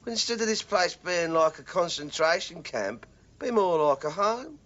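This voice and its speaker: A man's voice: high-pitched, big pitch swings, moderate pace, a bit bright. A man playing a pompous, wordy know-all builder who lectures his mates. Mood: lecturing. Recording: dull lo-fi TV sound.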